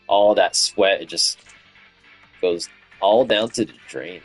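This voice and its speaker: A man's voice: sits low, measured pace, a bit bright, soft background music. A man streaming a game with casual chatty commentary, laughing often and humming along, his voice tired after hours of talking. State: voice fatigue.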